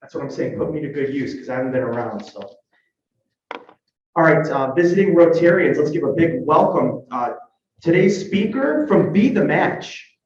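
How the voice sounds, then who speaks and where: A man's voice: fairly high pitch, animated, normal speed. Upbeat male club emcee, jokey and chatty, in a very echoey hall with a dull, lo-fi sound. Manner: chatty, joking, upbeat, asks the crowd questions. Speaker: club member giving history segment. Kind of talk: casual emcee talk at a club meeting.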